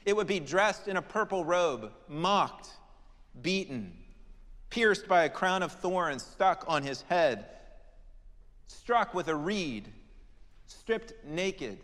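A man preaching a sermon, moving dramatically between emphatic declarations and hushed, prayerful lines. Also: high-pitched, sing-song, slow, long pauses, long reverb tail. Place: church.

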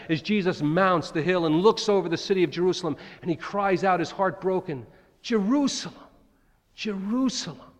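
A man preaching a sermon, dramatically acting out the cries of Bible figures. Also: on the high side. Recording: long hall reverb.

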